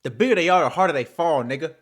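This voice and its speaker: A young man hosts a solo football talk show. His voice sits a little high for a man, and he swings between low mutters and loud, animated trash talk full of curses. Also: rapid-fire. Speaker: host.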